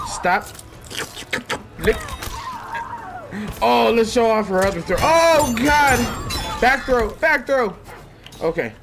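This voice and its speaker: Man, casual gameplay commentary, excitable, swearing, slow-paced, game music behind. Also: extremely high pitch. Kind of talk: casual let's-play commentary. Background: game music and sound effects.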